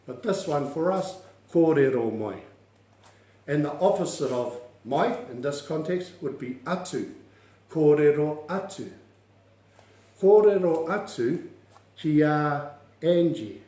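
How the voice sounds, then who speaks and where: A man's voice: fairly high pitch, expressive, slow pace, pauses often, mellow. Upbeat coaxing New man teaching. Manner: upbeat, coaxing, laughs often, drills words aloud. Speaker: language teacher. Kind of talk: online class teaching with gestures. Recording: echoey room.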